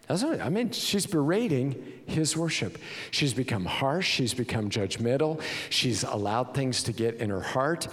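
Man, pastor, sermon, lively swinging intonation, emphatic rhetorical questions, long church-hall reverb. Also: medium pitch.

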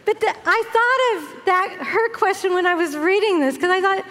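A high-voiced older woman delivers a sermon with expressive storytelling, slipping into the voices of the people in her story. Her voice rings out with a long, lingering reverb, as if filling a large hall. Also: normal speed, hardly any pauses. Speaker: speaker at a women's event.

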